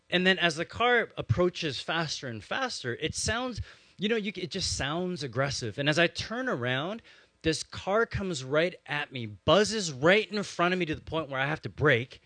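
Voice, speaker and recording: A young adult man preaching as a pastor, telling a personal story in a relaxed conversational way with many "um"s and "like"s. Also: fairly high pitch, normal speed, no room sound. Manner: conversational, animated storytelling with frequent "um" and "like".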